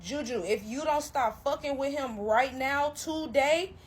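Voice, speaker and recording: A woman's voice: high voice, a little slow, pitched above the performer's own voice. A woman doing an urgent churchgoing older lady. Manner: urgent, emotional warning.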